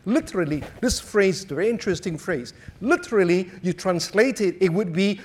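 A man preaches a sermon in a notably high voice. His pitch swings widely as he tells stories and jokes with animated delivery. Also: moderate pace, few pauses.

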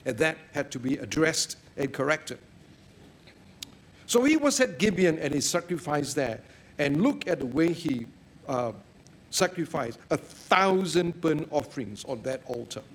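A man preaching a sermon, telling stories in a lively way and breaking into sudden loud exclamations. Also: a little high, a little slow.

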